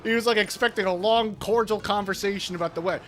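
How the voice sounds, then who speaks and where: A man's voice: high voice, fairly even intonation, quick pace, a bit bright, faint music behind. A man chatting casually while speedrunning a game, laid-back, laughing often and swearing freely. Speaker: speedrunning streamer. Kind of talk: casual chat while gaming.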